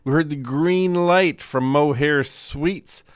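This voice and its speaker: A man's voice: fairly high pitch, takes it slowly, clean tone, no echo. A man working as a radio DJ, chatting casually between songs in a rambling, joking way with loose fillers, speaking from a radio studio.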